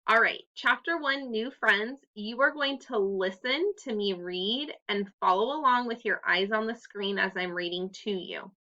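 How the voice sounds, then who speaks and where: A woman teacher giving a recorded reading lesson to young students, explaining clearly and patiently. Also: medium pitch, a little slow, few pauses, bright, forceful tone. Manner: clear, patient read-aloud instructions. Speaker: third-grade teacher. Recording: dull lo-fi recording.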